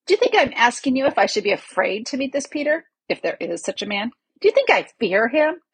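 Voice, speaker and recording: A woman's voice: fairly high pitch, very animated, fairly quick, slightly rough, dry recording, voice pushed up, exaggerated voice. A woman reading the part of a scowling, hot-tempered usurper king with a growling, scornful delivery. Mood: angry.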